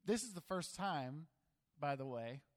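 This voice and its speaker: A man's voice: on the high side, lively intonation, a little slow. A man preaching a sermon, reading scripture aloud and then explaining it with dramatic emphasis. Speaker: pastor. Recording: long hall reverb.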